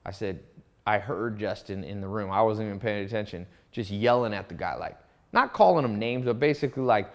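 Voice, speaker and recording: A man teaching a course in a casual monologue, telling stories with lively asides and restarts. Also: lowish voice, fairly quick. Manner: storytelling, animated, with asides and restarts. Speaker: course instructor.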